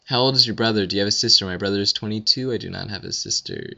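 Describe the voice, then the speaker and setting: A young man rambling through listener questions in a casual audio Q&A, with deadpan self-deprecating jokes. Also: lowish voice, rapid-fire, gravelly, muffled recording. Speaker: vlogger answering questions.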